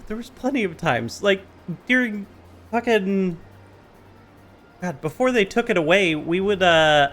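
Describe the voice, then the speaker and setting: Lively, teasing young man co-streamer. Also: on the high side. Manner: teasing, rambling anecdotes with fillers. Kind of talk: casual live gameplay chat.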